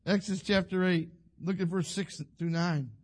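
High-voiced fervent male preacher. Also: fairly even intonation, normal speed. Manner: folksy, rising to fervent shouts. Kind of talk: sermon.

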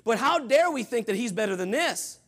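High-voiced preacher man, shouting peaks. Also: animated, fairly quick. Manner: swings from low asides to loud shouting. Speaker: pastor. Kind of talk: sermon.

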